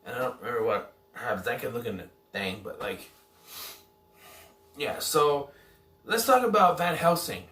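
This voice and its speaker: A man's voice: medium pitch, animated, normal speed, long pauses, fairly bright tone. Rambling man reviewing a film in an echoey room. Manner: rambling, self-correcting, unsure of details. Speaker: movie reviewer. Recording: echoey room, somewhat far from mic.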